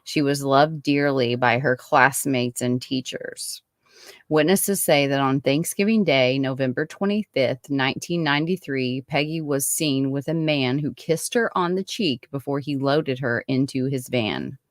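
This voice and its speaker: A woman's voice: a bass voice, measured pace, no echo. Woman host reading a true-crime case, dry sound. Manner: chatty, many fillers and restarts between read passages.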